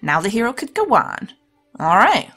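A woman's voice: on the high side, huge pitch swings, normal speed, a bit bright, slightly rough, faint music behind. A woman hosting a let's play, reading a storybook game aloud with chatty, laughing asides. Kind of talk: let's play narration and commentary.

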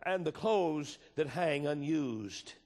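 An impassioned male preacher with a somewhat high voice delivers a sermon. He swings from forceful, ringing appeals down to hushed, intimate storytelling. His voice carries a long echo, as if recorded in a large hall. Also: expressive, takes it slowly. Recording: reverberant hall.

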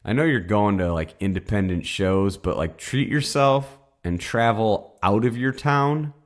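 Lowish-voiced dude cohosting, lots of "oh man" and cussing, casual. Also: unhurried. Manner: exclaiming, profane. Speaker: podcast co-host. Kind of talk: casual chat.

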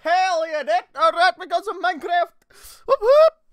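A man's voice: very high-pitched, steady tone, normal speed, a bit bright, no room sound. A man streaming a video game, commenting casually, swearing and joking at a desk microphone. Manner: swearing, joking, laughing to himself.

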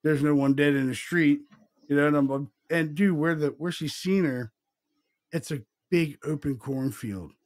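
A middle-aged man tells stories in a loose, rambling podcast chat. His voice sits somewhat high for a man. He swears casually and drops "man" and "dude" into his sentences. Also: measured pace. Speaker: podcast host.

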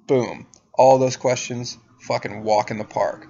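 A man's voice: mid-range voice, fairly even intonation, a little slow, creaky, hardly any pauses, warm tone, dull audio. A young man telling a story to camera in a casual, profane, sardonic way. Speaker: vlogger.

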